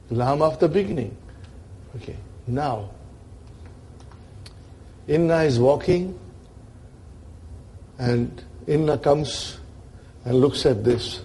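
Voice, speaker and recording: A man's voice: fairly high pitch, warm tone, breathy edge. A man teaching an Arabic grammar lesson to a class, checking in with his students often and acting out the grammar as characters.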